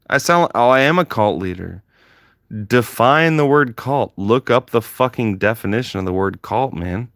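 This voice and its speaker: A man's voice: on the high side, a bit bright, dry recording, clean studio sound. A man livestreaming, ranting heatedly at his chat with constant swearing and emphatic repetition.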